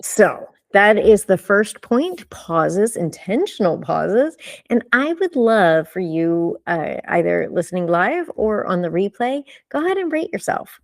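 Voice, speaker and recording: A woman coaching a live online session on speaking, animated and emphatic, asking rhetorical questions and slowing down for emphasis. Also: mid-range voice, gravelly, no echo, clean studio sound.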